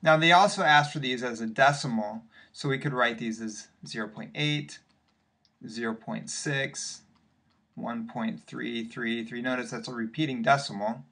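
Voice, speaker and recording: A man's voice: medium pitch, measured pace, gravelly, bright, forceful tone. A male math teacher walking patiently through worked examples in a recorded lesson, step by step with occasional fillers.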